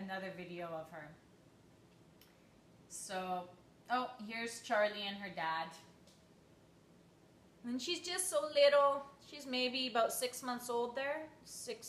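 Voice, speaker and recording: Woman, chatty and affectionate, quick restarts, slightly high voice, roomy echo. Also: a bit bright, a little hiss or hum. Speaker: vlogger. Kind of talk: casual live chat, reading a post aloud.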